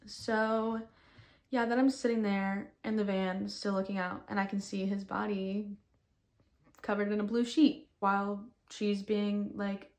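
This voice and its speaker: Subdued young woman telling her story. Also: medium pitch. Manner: halting, filler-heavy, flat and subdued. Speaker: storyteller recounting a personal ordeal. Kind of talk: casual personal storytelling.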